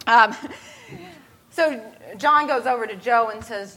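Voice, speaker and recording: A woman's voice: a little high, slow pace, a bit bright. A woman preacher leading a skit with volunteers, talking in a chatty, self-deprecating storytelling way. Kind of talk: casual storytelling sermon.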